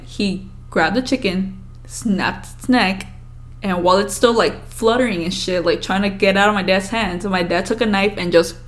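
A young woman co-hosting a podcast, telling childhood stories in a casual, profane, animated way. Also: mid-range voice. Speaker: podcast co-host. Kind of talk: casual storytelling chat.

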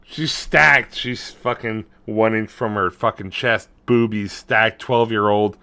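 A man in his forties co-hosting a podcast, retelling a movie in crude casual chat, swearing constantly and acting out characters. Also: unhurried. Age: 40s. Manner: profane, animated, acts out characters in high squeaky voices. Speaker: podcast co-host.

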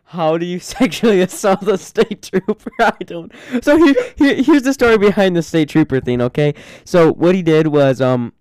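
A man's voice: high voice, expressive, normal speed, few pauses, darkish tone, clean tone, no echo, clean studio sound. A man hosting a podcast in casual chat, rambling and laughing often. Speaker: podcast host.

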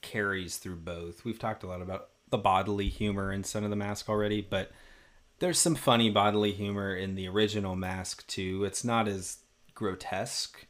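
Man, lowish voice, measured, analytical, podcast discussion. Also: fairly even intonation, a bit bright. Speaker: podcast co-host. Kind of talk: casual film discussion.

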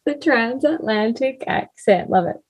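A woman's voice: fairly high pitch, expressive, takes it slowly, breathy edge. A woman co-hosting a podcast, talking enthusiastically in casual chat and laughing often. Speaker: podcast co-host.

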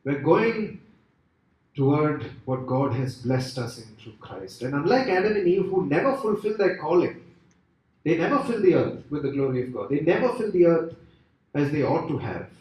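A man preaching a sermon with an expressive, rising and falling delivery and many rhetorical questions. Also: fairly high pitch, normal speed. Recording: echoey hall from far off.

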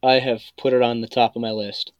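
A man who works as a life coach, a guest on a podcast, speaking in a measured, hesitant way with many ums. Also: mid-range voice, little pitch movement, dull audio. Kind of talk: casual podcast interview.

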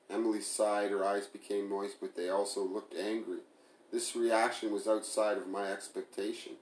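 Male audiobook narrator, measured; low-pitched, roomy echo. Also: flat delivery. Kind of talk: first-person novel reading.

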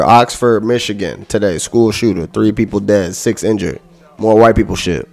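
A man's voice: on the low side, normal speed, vocal fry, darkish tone, soft background music. A man hosting a podcast, ranting heatedly and profanely, repeating himself. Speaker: podcast host.

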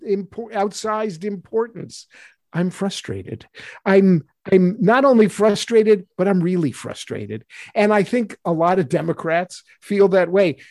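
A man's voice: fairly high pitch, a little mellow, dry recording, studio quality. A man on a political panel, sounding exasperated and repeating himself, with frequent restarts. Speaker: political commentator.

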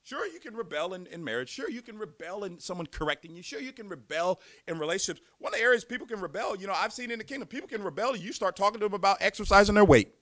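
A male preacher delivers an emphatic sermon in a high, bright voice that swings widely up and down. He repeats words as he builds momentum and fires off rhetorical questions. The sound is dry and close. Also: lively intonation, racing, few pauses, no room sound.

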